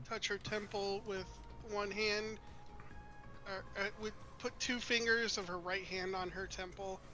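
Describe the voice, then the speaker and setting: A man narrating as game master of a tabletop role-playing game, in a slow, deliberate way with pauses. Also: high-pitched, pushed and bright.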